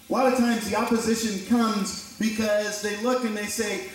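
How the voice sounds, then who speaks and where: A man preaches with a fairly high voice, talking with his congregation in a relaxed way and acting out the voices he quotes. The room echoes heavily, and the mic sits some way off. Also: moderate pace. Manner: conversational preaching with dramatized quotes. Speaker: pastor. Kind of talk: sermon. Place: church sanctuary. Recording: very echoey church from a distant mic.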